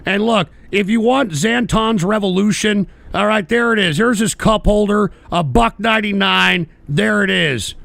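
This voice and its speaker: A man's voice: sits high, moderate pace, gravelly, hardly any pauses. A man hosting a live-streamed talk show, swearing at trolls and reading chat messages in a rambling, exasperated way. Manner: rambling with restarts and shouted outbursts. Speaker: host.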